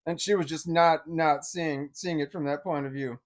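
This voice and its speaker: A man's voice: a little high, steady tone, normal speed. A man telling a personal story in a casual, rambling way, full of fillers and repeating himself.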